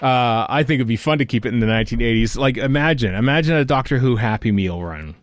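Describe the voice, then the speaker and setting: A man's voice: medium pitch, fast, no room sound, studio quality. A man co-hosting a fan podcast, chatting casually and rambling with lots of fillers and restarts. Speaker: podcast co-host. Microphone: studio podcast mic.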